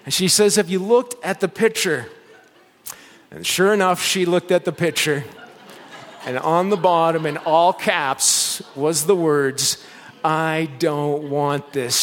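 A man preaching in a church sanctuary, his fairly high voice ringing out with a long hall reverb. He tells a story with lively build-ups, then slows into soft, earnest appeals. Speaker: pastor. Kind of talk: sermon.

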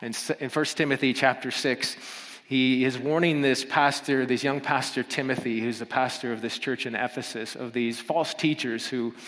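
A man's voice: mid-range voice, fairly even intonation, moderate pace, a bit bright. A pastor preaching a casual, playful sermon in a church, often repeating himself as he talks. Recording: long church hall reverb.

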